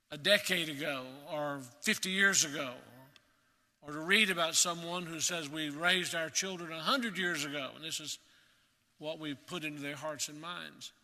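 A man delivers a sermon in an earnest, emphatic voice, drawing out the words he wants to stress. His tone is strikingly bright and sits a little high. The sound rings with the long reverb of a large church hall. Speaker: preacher.

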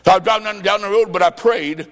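A man preaching a revival sermon and telling stories, with a dramatic, rhythmic cadence and bursts of shouting. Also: high voice, fast talker. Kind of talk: sermon with storytelling. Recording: long hall reverb.

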